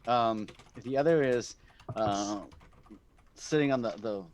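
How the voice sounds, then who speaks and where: A man runs a tabletop game as its game master, narrating the scene in a middle-pitched voice. He talks haltingly, stopping on ums and starting phrases over as he works out what happens next. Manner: halting, full of ums and restarts.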